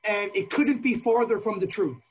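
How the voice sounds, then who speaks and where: A man's voice: sits high, moderate pace, slight background noise. A man hosting a podcast, talking casually and enthusiastically. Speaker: podcast host. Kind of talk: casual conversation.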